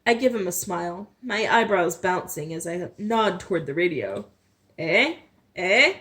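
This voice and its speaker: A woman's voice: on the low side, animated, normal speed. A woman reading a novel aloud in first person, with small slips and restarts. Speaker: storyteller.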